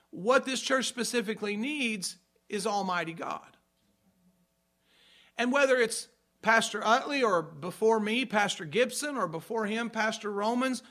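A man delivers a sermon as a pastor, his voice pitched high and bright in tone. He preaches emphatically, hammering home points by repeating them and stopping to ask whether the congregation follows.

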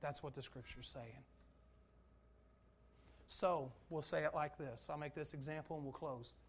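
A man preaching a sermon, swinging between loud, urgent emphasis and quiet, low asides. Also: steady tone, unhurried, a little hiss or hum.

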